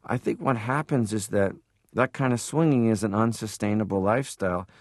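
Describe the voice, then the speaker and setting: A man from Canada, a comedian guest, talking casually and at length in an interview, animated, stopping to laugh. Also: fairly low pitch, brisk, dry recording, studio quality. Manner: rambling, animated, stops to laugh.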